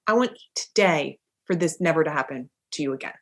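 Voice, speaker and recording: A middle-aged woman giving a motivational talk as a life coach, emphatic and animated, often acting out little bits of dialogue. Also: deep voice, a little fast.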